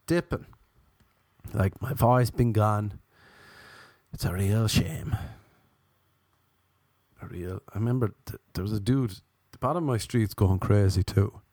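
A young man, his voice hoarse from illness and mellow in tone, rambles through self-deprecating stories. The recording is close and dry, and he jumps into higher voices when he acts out what others said. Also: unhurried, pauses often, no echo. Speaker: podcast host. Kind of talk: casual comedic storytelling.

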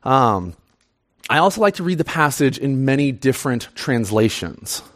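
A young man preaching a sermon in an excitable, chatty, self-deprecating way. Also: medium pitch, normal speed.

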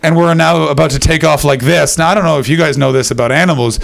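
A man's voice: on the high side, fast, creaky, few pauses, very noisy. A man hosting a live comedy show, telling rambling stories to an audience, swearing freely and breaking into screamed impressions. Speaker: comedian and podcast host.

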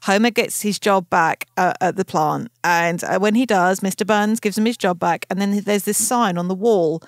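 A woman's voice: mid-range voice, moderate pace, no room sound, clean studio sound. A woman co-hosting a podcast in casual chat, talking with enthusiastic, gushing energy and quoting favourite lines aloud. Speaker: podcast co-host.

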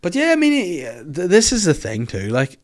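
A man's voice: sits high, huge pitch swings, fairly quick. A young man with a Northern Irish accent hosting a casual podcast, rambling, swearing freely and laughing a lot. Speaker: podcast host. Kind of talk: casual chat.

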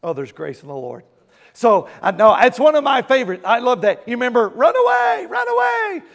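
A man's voice: high-pitched, big pitch swings, a little fast. A male pastor giving a conversational sermon, asking rhetorical questions and answering them himself.

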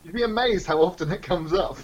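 A man bantering in an improvised comedy podcast, firing off deadpan quips. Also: sits high, fast, highs cut off. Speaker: co-host playing along in an improvised story.

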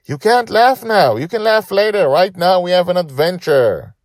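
A man's voice: sits high, animated, moderate pace, no echo, clean studio sound, pitched above the performer's own voice. A man voicing a bossy four-year-old girl who plays a pirate captain and speaks harshly and commandingly.

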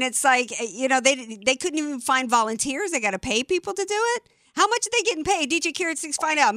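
Woman, talk radio host, emphatic, fired-up, middle pitch, dry studio mic. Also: fairly bright tone, no echo. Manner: fired-up, emphatic, with many restarts. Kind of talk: opinionated political talk radio.

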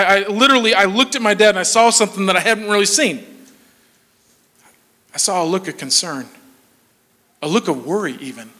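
Man in his forties, high voice, animated storyteller who drops to a hush, hall echo. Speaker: speaker telling a personal story. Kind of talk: storytelling talk to an audience. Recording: long hall reverb.

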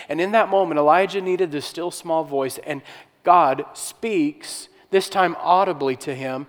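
A man's voice: fairly high pitch, measured pace, long reverb tail. A male pastor preaching a sermon in a conversational way, with rhetorical questions and restarts.

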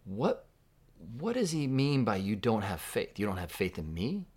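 A man from Southern California preaching a sermon in a conversational, reflective way, dropping to a hush for quoted words. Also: lowish voice, sing-song, normal speed. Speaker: pastor.

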